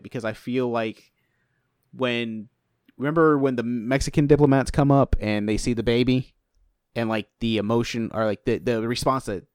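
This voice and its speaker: A man co-hosts a casual recap podcast with hesitant, easygoing talk. His voice is medium-pitched, and the recording is dry with no room sound. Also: darkish tone, clear, resonant tone, no room sound. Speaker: podcast co-host. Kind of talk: casual chat.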